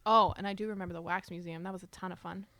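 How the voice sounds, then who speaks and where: A woman's voice: fairly low pitch, steady tone, racing, bright, forceful tone, dry recording. A middle-aged American woman co-hosting a podcast, chatting and laughing often, chiming in with short replies. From United States. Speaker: podcast co-host. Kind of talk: casual chat.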